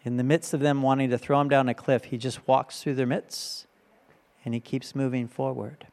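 A man's voice: mid-range voice, level tone, normal speed, darkish tone. A male pastor giving a conversational sermon, often checking in with his listeners by asking "right?".

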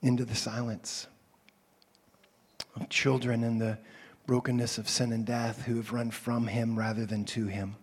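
Husky-voiced man preaching a sermon. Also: lowish voice, a little slow, pauses often. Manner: swings from loud animated calls to soft hushed whispers. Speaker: pastor.

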